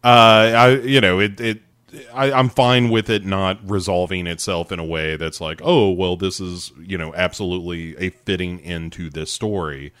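A man's voice: low-pitched, steady tone, moderate pace, fairly bright tone, no echo. A man co-hosting a casual TV review podcast, talking with frequent hesitations. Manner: hesitant, many fillers and restarts. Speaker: podcast co-host.

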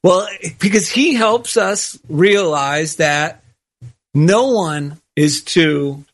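Male co-host, higher voice, reflective and earnest, stretches out key phrases. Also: drawn-out words. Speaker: podcast co-host. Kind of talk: casual chat with spiritual reflection.

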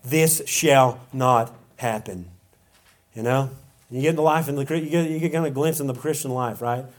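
A man's voice: fairly high pitch, fairly even intonation, fast talker, darkish tone. A man preaching a sermon to his congregation in an earnest way, asking rhetorical questions and often restarting and repeating words. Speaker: pastor.

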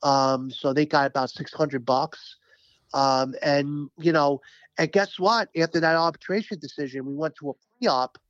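A man speaking as a union representative, telling stories in an animated, emphatic, profane way during a casual interview. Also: fairly high pitch, moderate pace, no room sound, lo-fi sound.

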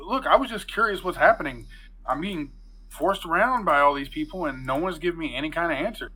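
A man's voice: on the high side, animated, fairly quick, sharp tone, slightly rough, exaggerated voice, low-quality recording. A man playing a nervous young male college student who talks hesitantly and stammers. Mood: flustered.

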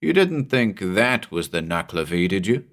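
A man's voice: low-pitched, very animated, moderate pace, fairly bright tone, exaggerated voice. A man voicing a smirking, knowing old island man with a Scottish accent, in a spoken horror story. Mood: sly. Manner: sly, teasing.

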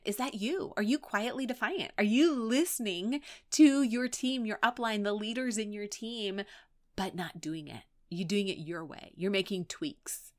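Encouraging woman coach on her podcast, chatty, lots of likes and ums, voice jumps up and down. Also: medium pitch. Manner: warm, encouraging, chatty with many fillers. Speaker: podcast host and business coach. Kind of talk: heartfelt solo podcast talk.

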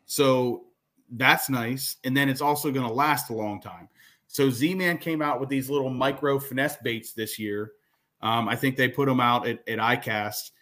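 A man's voice: mid-range voice, steady tone, moderate pace, a bit bright. A man co-hosting a podcast in casual chat, explaining at length and starting sentences with "so". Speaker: podcast co-host.

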